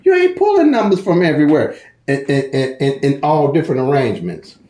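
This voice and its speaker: Folksy St. Louis man, mellow and roomy. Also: a little high, sing-song, brisk. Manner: folksy, colloquial, repeats himself, stumbles and restarts. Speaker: lottery strategy channel host. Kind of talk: casual tutorial talk.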